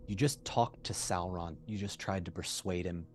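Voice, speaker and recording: A man running a tabletop game as game master, relaxed and encouraging, narrating scenes and calling for rolls. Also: low-pitched, moderate pace.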